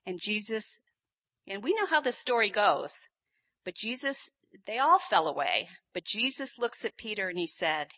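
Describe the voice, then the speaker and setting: A woman preaching a sermon, telling the story with lively, animated delivery and sudden loud bursts. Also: medium pitch, normal speed.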